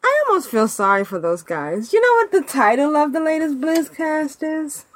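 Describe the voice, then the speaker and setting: A woman with a fairly high, lively voice that climbs and dips as she talks. She hosts a podcast in casual chat, animated and chatty, laughing often. The sound is dry and close, with no room around it. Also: normal speed, no echo. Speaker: podcast host.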